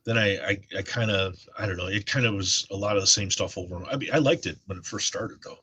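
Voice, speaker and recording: Low husky male co-host, bright edge, rambling casual talk. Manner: rambling, halting with many restarts. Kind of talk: casual stream chat.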